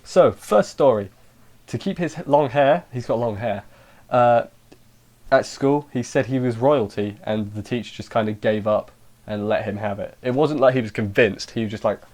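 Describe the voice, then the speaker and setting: A man talking through an anime episode in a loose, chatty review at a mid-range pitch. He wanders off into jokey asides and restarts his sentences often, then drifts back to the plot. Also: moderate pace, darkish tone. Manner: rambling, self-interrupting, with jokey asides. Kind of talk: casual spoken review.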